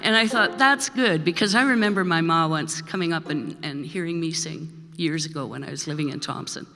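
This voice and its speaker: Onstage in a church hall, a singer-songwriter from Manitoba, Canada, an older woman, sets up her song with a rambling, laugh-filled story. She speaks briskly in a low, creaky voice, with a crowd audible behind her. The room echoes and faint music plays.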